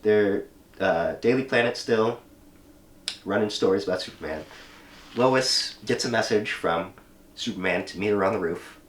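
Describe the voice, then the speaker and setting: A man hosting a casual podcast, retelling a comic story in an animated, profane way with lots of fillers. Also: on the low side, normal speed, pauses often, slight background noise. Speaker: podcast host. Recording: roomy room, mic at a distance.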